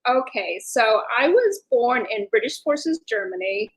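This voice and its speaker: A woman's voice: on the high side, sing-song, unhurried, rough recording. A woman with a Belfast Northern Irish accent, speaking as a talkative guest in an interview and giving long, flowing explanations. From Northern Ireland. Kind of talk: interview conversation.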